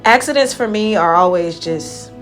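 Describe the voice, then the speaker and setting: A young woman hairstylist talking casually to the camera in a vlog, retelling events in an emotional, chatty way and often trailing off softly. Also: lowish voice, expressive, normal speed, faint music behind. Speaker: hairstylist vlogger.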